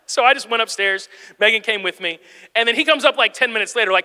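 A man's voice: high voice, fast talker, clear, resonant tone. A man in his thirties, a pastor preaching a sermon, telling a personal story and building to urgent encouragement. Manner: storytelling, animated, rising to urgent exhortation. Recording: long hall reverb.

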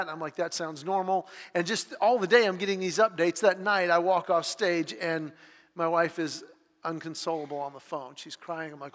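A middle-aged man delivers a sermon in a confessional storytelling way. His voice sits high and sounds bright and forceful, and it drops to a near hush at tender moments. A long reverb trails his words through the hall. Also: fairly even intonation, normal speed. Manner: confessional storytelling, swings from loud to hushed. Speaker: speaker.

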